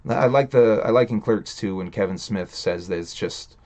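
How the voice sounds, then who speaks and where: A man's voice: fairly low pitch, normal speed, a little mellow. A man hosting a livestream, ranting in a casual, rambling way, swearing a lot and laughing between thoughts. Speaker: stream host.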